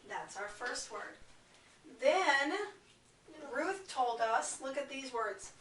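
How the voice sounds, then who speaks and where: Kindergarten teacher, woman, slightly high voice, slow and coaxing delivery; recorded from across an echoey classroom. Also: lively intonation, a bit bright. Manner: slow, clear, coaxing teacher talk to small children. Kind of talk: classroom read-aloud lesson. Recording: echoey classroom, far from the camera mic.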